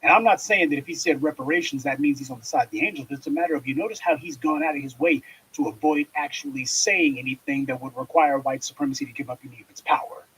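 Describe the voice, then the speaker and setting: A man delivering a forceful, scornful political commentary monologue, lecturing his listeners. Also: a little high, fast, few pauses, slightly rough, rough recording.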